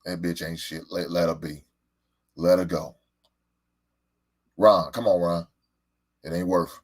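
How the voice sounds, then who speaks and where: A man's voice: low voice, little pitch movement, measured pace, long pauses. A man hosting a casual talk show, telling stories in a loose, profane, emphatic way. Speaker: show host.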